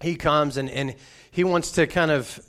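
Pastor guy preaching casually, voice a bit on the high side, keeps doubling up words. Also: fairly even intonation, a little slow, a bit bright. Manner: conversational, often repeats words as he restarts. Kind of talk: sermon with a personal story.

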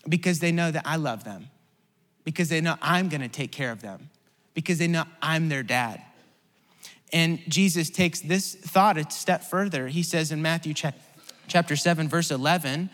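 A man preaching a sermon as pastor. He repeats phrases and calls on the congregation to answer back, swinging from rising, shouted appeals to quiet storytelling. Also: on the high side, normal speed. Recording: long hall reverb.

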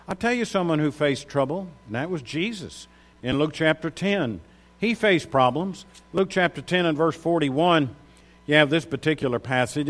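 A man preaching a sermon, reading Bible verses aloud and stressing key words with rising emphasis. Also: medium pitch.

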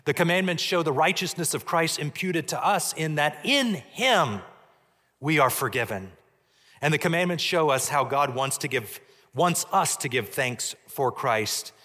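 Guy pastor giving a sermon, bright tense voice, slow and steady, big church echo. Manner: measured preaching, drops low and soft on key points. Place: church sanctuary. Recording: long church reverb.

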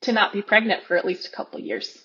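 Animated woman telling a personal story. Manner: animated, acts out her own inner dialogue with quick pitch jumps. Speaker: podcast guest. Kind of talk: candid conversational storytelling. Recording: dull lo-fi podcast audio.

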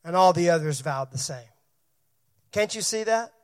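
A man's voice: sits high, animated, moderate pace. A man preaching a sermon as pastor to his church, calling on members by name and asking them questions.

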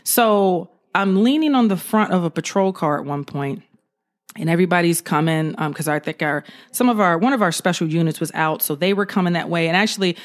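A woman's voice: on the low side, fairly quick. A woman, a former police officer telling stories in a casual interview and acting out the quotes. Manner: animated storyteller, acts out quotes.

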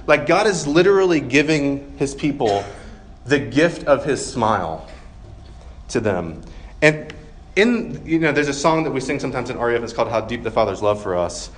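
A man's voice: fairly high pitch, lively intonation, moderate pace. A man in his thirties preaching a sermon in a casual, conversational way, with self-deprecating humor and plenty of ums. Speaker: pastor.

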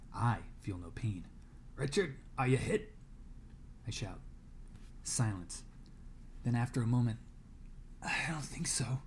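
A man's voice: mid-range voice, mellow, a little hiss or hum. A man reading a novel aloud to a class as a guest reader, dramatic and dropping to a whisper in tense moments.

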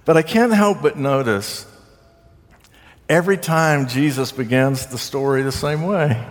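A man from the southern United States preaching a sermon, measured and deliberate, slowing down for emphasis. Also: on the high side, lively intonation. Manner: measured, with slowed phrases and pauses. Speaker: pastor. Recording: long reverb of a sanctuary.

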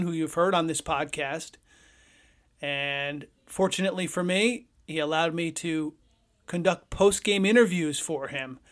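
A man hosting a podcast, telling a personal story in a lively, conversational way. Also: fairly high pitch. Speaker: podcast host.

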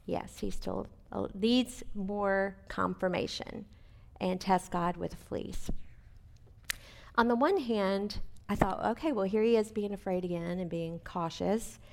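A woman leading a women's Bible study in a chatty teaching style, often asking her listeners questions and filling pauses with "um". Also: mid-range voice, creaky. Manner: chatty, asks listeners questions, many fillers.

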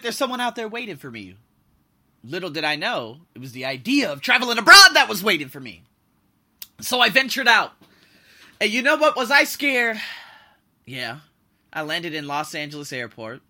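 A man in his thirties hosting his own podcast, telling a personal story in an animated way and acting out the voices he quotes. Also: a little high. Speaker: podcast host. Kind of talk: casual storytelling monologue.

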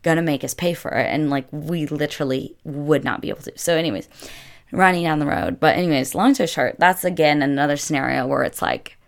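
A young woman with a notably low-pitched voice recounts a travel mishap for her vlog. She talks casually and chattily, leaning on "like" in nearly every sentence. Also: fairly quick, gravelly. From United States. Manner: chatty, filler-heavy with constant "like". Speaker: vlogger. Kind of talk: casual storytelling.

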